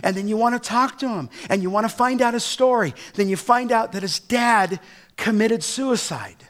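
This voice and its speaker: High-voiced man preaching emphatically. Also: moderate pace, fairly bright tone. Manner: emphatic preaching with rising exhortations and storytelling asides. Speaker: pastor. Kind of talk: sermon.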